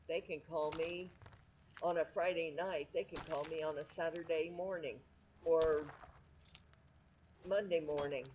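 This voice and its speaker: A woman's voice: deep voice, fairly even intonation, a little slow, long pauses, a little mellow, slight background noise, poor audio. A middle-aged woman streaming from home, chatting candidly and rambling with frequent restarts. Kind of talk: casual chat.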